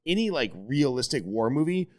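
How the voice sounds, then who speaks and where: A middle-aged man hosts a podcast in loose, casual conversation. He swears freely and tells animated stories, and his voice climbs high when he gets worked up. His pitch sits in the middle range for a man. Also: moderate pace. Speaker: podcast host.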